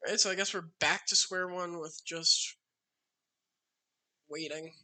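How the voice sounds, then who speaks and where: A man commentates a card game on a live stream in a slightly high, very bright and sharp voice. He chats loosely as he plays and keeps talking straight to his opponent. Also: steady tone, unhurried. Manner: chatty, talks to his opponent while playing.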